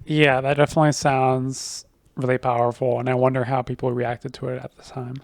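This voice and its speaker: A man's voice: mid-range voice, level tone, fairly quick, no room sound, studio quality. A young man co-hosting a podcast, chatting casually and reflectively, often hedging his words. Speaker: podcast co-host. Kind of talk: casual chat.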